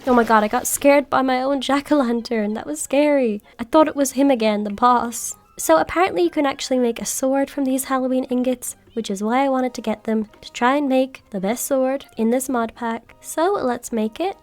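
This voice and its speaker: High-voiced excitable gaming woman. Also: moderate pace, hardly any pauses. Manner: chatty and excitable, squeals when startled. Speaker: gaming video creator. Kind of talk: gameplay commentary.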